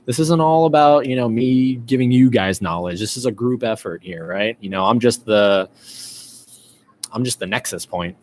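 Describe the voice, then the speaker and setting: A man's voice: mid-range voice, normal speed, slight background noise. A man hosting a live-stream podcast, chatting casually and reading out viewer comments, with lots of fillers and restarts. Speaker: podcast host.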